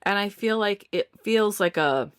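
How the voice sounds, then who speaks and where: A woman's voice: mid-range voice, expressive, measured pace, clean tone, no room sound, clean studio sound. A woman chatting casually as she reviews candles, saying y'all and often restarting her words.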